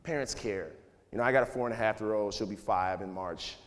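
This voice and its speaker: A man's voice: fairly low pitch, brisk. Laid-back man talking in an echoing hall. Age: 30s. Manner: loose and conversational, heavy with "you know" and "like". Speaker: guest speaker. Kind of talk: casual talk to a live audience. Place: school auditorium. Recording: long hall reverb.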